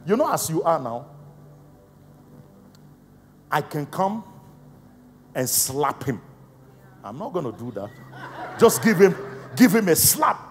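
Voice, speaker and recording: High, animated preaching man in a hall. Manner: emphatic preaching with call-and-response questions to the congregation; swings between shouting and hushed, slow emphasis. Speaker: apostle and senior pastor. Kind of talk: live Pentecostal sermon. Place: large church auditorium. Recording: live church hall reverb with faint music.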